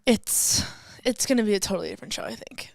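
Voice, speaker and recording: A woman's voice: medium pitch, quick pace, vocal fry, no room sound, studio quality. A woman singer-songwriter as a podcast guest, chatting casually, giggling and acting out what she and others said. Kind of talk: casual chat.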